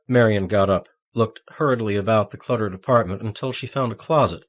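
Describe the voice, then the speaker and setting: A man reading a novel aloud in a measured, even storytelling manner. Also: lowish voice, highs cut off. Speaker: audiobook narrator. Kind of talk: scripted narration.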